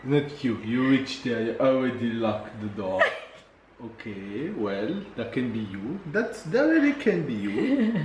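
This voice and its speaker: A man's voice: medium pitch, big pitch swings. A man chatting casually at home, teasing and laughing, often repeating himself as he talks. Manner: teasing, laughing, halting repetitions. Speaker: husband in family vlog. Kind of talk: casual conversation. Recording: echoey room, distant mic, background noise.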